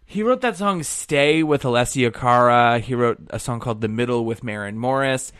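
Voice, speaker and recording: A man's voice: mid-range voice, moderate pace, a bit bright, clean tone. A man co-hosting a podcast, chatting casually about a TV episode, swearing and joking with lots of fillers. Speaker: podcast co-host.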